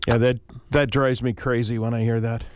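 A middle-aged man hosting a public radio talk show, speaking conversationally with careful, clear diction. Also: medium pitch, little pitch movement, moderate pace, a little mellow, no room sound.

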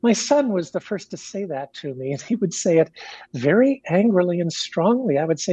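Woman with husky voice on a dull line. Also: lowish voice, lively intonation, warm tone, dry recording. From Kentucky. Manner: measured, candid, with fillers and restarts. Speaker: guest, pastor and author. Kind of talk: reflective radio interview.

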